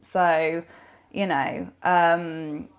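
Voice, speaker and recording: A woman's voice: lowish voice, little pitch movement, very slow, highs cut off. A woman, a nutrition coach, talking animatedly in a podcast interview, rambling with lots of fillers and restarts.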